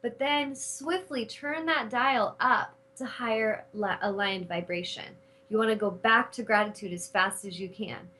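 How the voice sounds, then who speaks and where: A middle-aged woman hosting a spiritual talk show, speaking in an animated, casual way and cursing freely when she retells her anger. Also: fairly high pitch, a little slow, rough recording. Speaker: host.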